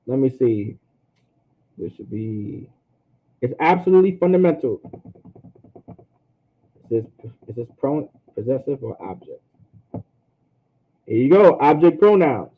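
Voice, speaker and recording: A man teaching a language class in a casual way, often repeating himself and sounding out words slowly. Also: mid-range voice, very animated, breathy edge. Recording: tinny phone-like line.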